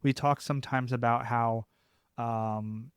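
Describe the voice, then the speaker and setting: A man's voice: mid-range voice, fairly even intonation, slow pace, clear, resonant tone, dry recording, studio quality. Reflective young man co-hosting. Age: young adult. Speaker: podcast co-host. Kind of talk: podcast conversation.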